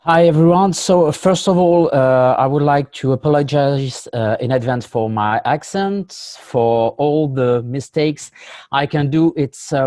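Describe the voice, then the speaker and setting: A man with a French accent giving a conference talk over a video call, halting and full of fillers. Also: medium pitch, darkish tone, dry recording. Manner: halting, many fillers, apologetic. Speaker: conference panelist.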